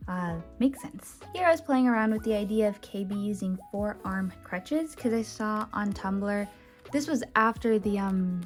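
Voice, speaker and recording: A woman's voice: mid-range voice, normal speed, a little mellow. A woman casually narrating a tour of her sketchbook, chatty and rambling with many fillers and restarts. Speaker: artist showing her sketchbook. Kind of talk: casual voice-over commentary. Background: faint background music.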